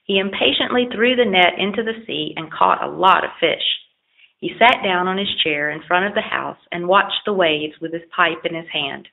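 Gravelly, low woman reading a storybook. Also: normal speed. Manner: steady, plain read-aloud delivery. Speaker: audiobook reader. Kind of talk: storybook narration. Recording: tinny phone-like lo-fi recording.

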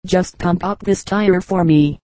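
A woman reading the lines of a friendly adult man, a cyclist who questions a runaway boy in a brisk, kindly way. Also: lowish voice, dark tone, no room sound, close to an everyday voice.

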